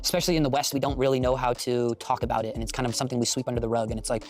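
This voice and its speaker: An earnest man talks at a rapid clip, reflecting and apologizing, his sentences padded with fillers. A faint music bed runs behind him. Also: medium pitch, flat delivery. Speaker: artist and content creator. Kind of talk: reflective casual talk.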